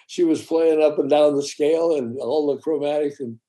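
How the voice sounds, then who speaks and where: This man's voice runs on the high side, and he talks at a normal speed while telling a story in casual chat. Animated throughout, he performs his characters' voices and swears from time to time.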